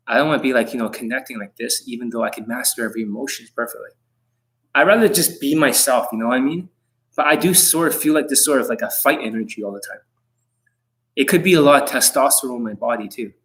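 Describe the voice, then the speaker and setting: A man's voice: mid-range voice, a bit bright. Intense, profane man coaching on a live stream. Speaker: dating coach.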